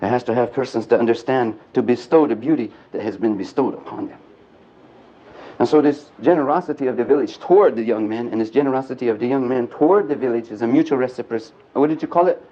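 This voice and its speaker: A man giving an animated storytelling lecture to a live audience at a men's gathering, joking and speaking bluntly. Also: medium pitch, fast. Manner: animated and earthy, mixing jokes and blunt language. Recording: dull lo-fi archive tape.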